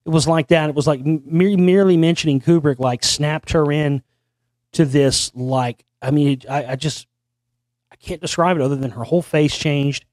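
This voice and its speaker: A man's voice: on the high side, steady tone, normal speed, darkish tone, no room sound, studio quality. A male host telling a long story in a meandering, conspiratorial way, often restarting his sentences. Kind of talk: rambling storytelling monologue.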